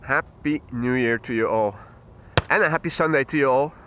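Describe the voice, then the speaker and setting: A man's voice: medium pitch, moderate pace, fairly bright tone. Man, stream host, chatty and greeting viewers, a bit stuffy-nosed, lapel mic outside with faint background hum. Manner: chatty, greets viewers by name, mixes in Dutch and German greetings. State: slightly stuffy nose. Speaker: plane spotting livestream host. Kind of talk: casual live commentary. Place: outdoors at an airport. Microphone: wireless clip-on mic on his t-shirt.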